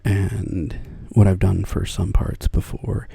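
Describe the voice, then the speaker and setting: A man speaks in a hushed, soft-spoken ASMR chat, rambling thoughtfully. His voice is dark and low, with heavy gravelly fry and a husky, breathy edge. It sits close and dry to the mic. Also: little pitch movement, takes it slowly, no room sound. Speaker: ASMR channel host. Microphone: close mic for headphone listening.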